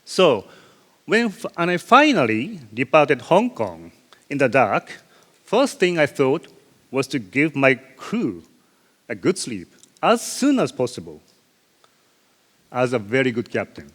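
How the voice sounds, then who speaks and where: A man, a ship's captain telling a story in a conference speech, animated, with sound effects and self-deprecating asides. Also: mid-range voice, takes it slowly, long pauses. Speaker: ship captain giving a conference talk. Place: large conference hall. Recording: long reverb of a large hall.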